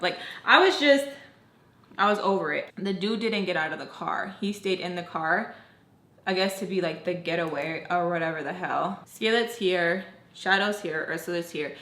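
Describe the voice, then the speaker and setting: A young woman telling a personal story to her viewers in a chatty, animated way, full of fillers and acted-out quotes. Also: on the low side, normal speed, echoey room. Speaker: storytime vlogger. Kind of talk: casual storytelling.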